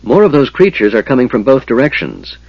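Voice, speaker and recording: A man voicing a weary, resolute male half-elf leader in an audiobook, speaking firmly and curtly with a husky voice. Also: mid-range voice, big pitch swings, a little fast, no echo, muffled recording, pitched above the performer's own voice. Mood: grim. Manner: firm, grim, curt.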